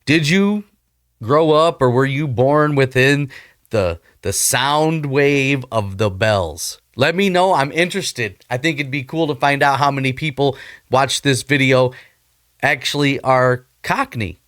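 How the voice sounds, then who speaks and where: A man's voice: medium pitch, a little slow, a bit bright, dry recording. Upbeat man reacting, dry close sound. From United States. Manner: upbeat, talks straight to viewers. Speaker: reaction video host. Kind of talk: casual reaction commentary.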